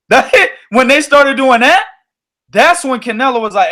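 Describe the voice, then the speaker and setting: A man hosting a boxing podcast, telling stories in an animated, profane way. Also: very high-pitched, moderate pace. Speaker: podcast host. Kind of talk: casual boxing podcast chat.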